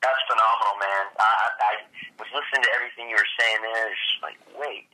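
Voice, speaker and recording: Enthusiastic male host, low voice with a sharp, bright edge. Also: steady tone, slight background noise, poor audio. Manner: enthusiastic, admiring, halting restarts. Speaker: podcast host. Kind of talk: casual interview.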